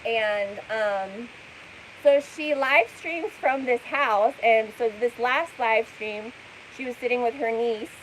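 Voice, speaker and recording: High-voiced skeptical woman rambling. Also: takes it slowly, a little hiss or hum, poor audio. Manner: skeptical, rambling, full of fillers. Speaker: commentator. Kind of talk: casual commentary vlog.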